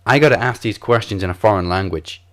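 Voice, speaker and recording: A man's voice: lowish voice, quick pace. A man hosting a wrestling podcast quiz in casual chat, joking as he stumbles through foreign words. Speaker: podcast host running a quiz.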